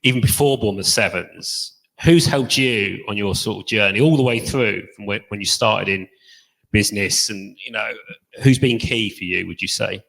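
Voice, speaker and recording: A man's voice: fairly low pitch, normal speed, vocal fry, a bit bright, rough recording. A man hosting a panel, asking casual questions and laughing easily. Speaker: panel host. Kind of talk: interview questions.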